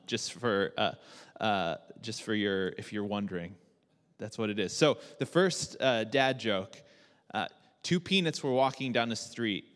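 A man preaching a sermon as pastor, relaxed and joking, with many fillers and restarts. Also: lowish voice, big-room sound.

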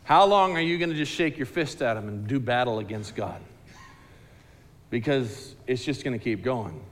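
A man's voice: medium pitch, lively intonation, normal speed, big-room sound, slight background noise, voice pushed down, lightly acted. A man voicing a firm, plain-spoken prophet who delivers warnings, close to his own voice.

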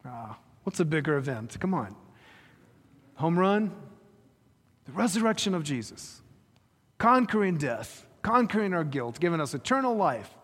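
A man's voice: fairly high pitch, very animated, a little slow, long pauses, fairly bright tone, husky. A man preaching a sermon, retelling a story and pressing his listeners with rhetorical questions. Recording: reverberant hall.

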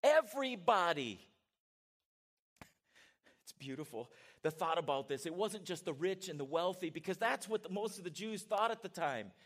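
A middle-aged man preaching a sermon in a church, animated and conversational, with asides to his congregation. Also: sits high, a little fast. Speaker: pastor. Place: church sanctuary.

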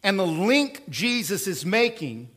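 High-voiced man preaching emphatically. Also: very animated, a little slow. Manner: emphatic, conversational preaching with rhetorical questions; swings between loud bursts and quiet asides. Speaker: pastor. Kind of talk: sermon.

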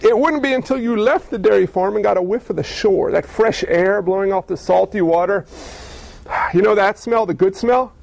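A male pastor in his thirties preaching a sermon in a conversational, animated way, acting out little dialogues. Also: high-pitched, normal speed, vocal fry.

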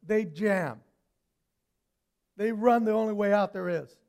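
A man preaching a sermon, telling stories with lively swings from loud to hushed. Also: sits high, takes it slowly, vocal fry.

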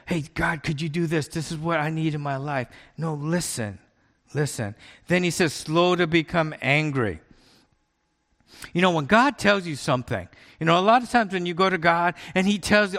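A man preaching a sermon as a pastor, telling everyday stories in a relaxed, conversational way with quick laughs. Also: on the high side, long reverb tail.

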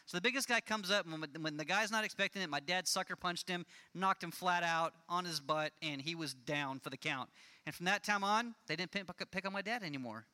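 A man with a high, very bright voice tells a Bible story to a young crowd, jokey and lively, acting out each character. His voice rings with a long reverb, as in a church hall. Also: fairly quick. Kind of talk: storytelling sermon to a young audience.

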